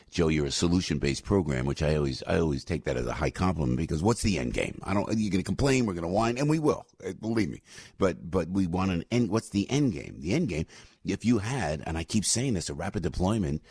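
A male radio host delivers a rambling, emphatic monologue into a studio mic. His voice is husky and dry, with pitch that leaps and swings widely as he gets fired up. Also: darkish tone, no room sound. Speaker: radio talk show host. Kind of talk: opinionated talk radio monologue.

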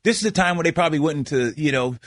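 Emphatic former player, high voice. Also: male voice, expressive, racing, no room sound, studio quality. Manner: emphatic, repeats himself, restarts often. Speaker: former basketball player turned analyst. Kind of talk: animated sports talk banter.

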